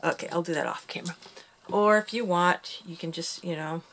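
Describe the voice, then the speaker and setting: A woman's voice: fairly low pitch, fairly even intonation, fairly quick, a bit bright. A woman hosting a casual craft tutorial, counting the steps aloud and making chatty asides, a little out of breath. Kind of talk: casual loom bracelet tutorial.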